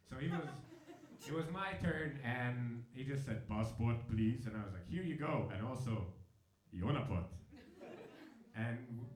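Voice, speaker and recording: A man's voice: mid-range voice, darkish tone. A young man doing a stand-up comedy set, chatty and riffing with the audience. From Hungary and South Africa. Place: comedy venue with live audience. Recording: roomy live venue with crowd laughter. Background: audience laughing.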